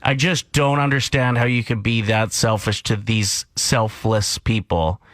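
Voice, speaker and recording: A man's voice: lowish voice, measured pace, no room sound. A man from Canada co-hosting a morning radio show, ranting and telling stories in casual chat. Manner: animated, ranting and storytelling.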